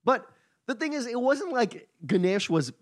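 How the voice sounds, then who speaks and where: A man co-hosting a casual podcast panel chat, wry and irreverent, often halting with fillers. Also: very high-pitched, very animated. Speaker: podcast co-host.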